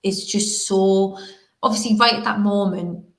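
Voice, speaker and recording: A woman's voice: medium pitch, fairly even intonation, measured pace. A young woman hosting a podcast, talking frankly and emotionally in a rambling, casual way. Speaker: podcast host. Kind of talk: casual conversation. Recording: roomy echo.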